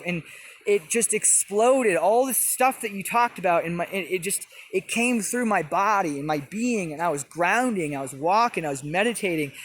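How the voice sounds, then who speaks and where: A young man earnestly recounting personal experiences in an animated, casual way. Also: high-pitched, a little hiss or hum. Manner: earnest, animated, with quick bursts. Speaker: storyteller. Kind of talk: personal testimony.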